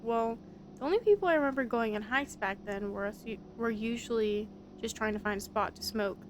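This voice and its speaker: A woman's voice: on the high side, a little fast, a little hiss or hum, natural voice. Laid-back gossipy young man from a game, slangy delivery, read by a woman. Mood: casual. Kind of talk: voice-acting a visual novel.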